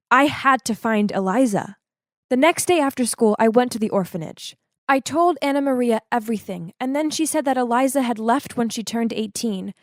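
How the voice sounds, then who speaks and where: A woman narrating an animated storytime in a dramatic, emotive way. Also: no room sound, clean studio sound. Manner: emotive and dramatic, swings to high exclaims.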